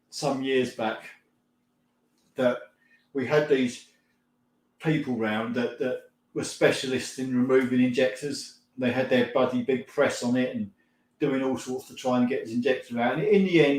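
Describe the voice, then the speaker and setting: Chatty man in an echoey room. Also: medium pitch. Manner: rambling, laughs often, mild swearing. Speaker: live stream host. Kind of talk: casual chat reading viewer comments.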